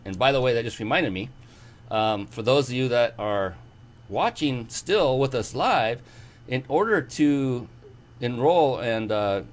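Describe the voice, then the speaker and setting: A man hosting an interview show, talking enthusiastically and rambling with many fillers and restarts. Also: medium pitch. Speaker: show host. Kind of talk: casual interview chat.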